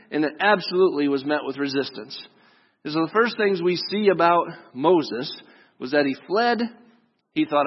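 A man's voice: a little high, lively intonation, moderate pace, breathy edge. A man preaching a sermon in a casual, joking way, talking straight to his listeners. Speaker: pastor. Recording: dull lo-fi sound with long hall reverb.

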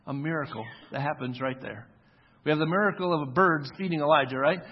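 A man's voice: on the high side, a little fast, slightly rough. A man in his forties preaching a sermon in a casual, conversational way, acting out the quoted voices as he tells the story. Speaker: pastor. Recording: echoey hall, dull lo-fi sound.

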